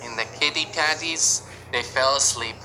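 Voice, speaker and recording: A woman hosting a reaction video, narrating animated shorts with emotional exclamations. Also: extremely low pitch, moderate pace, over music, rough recording.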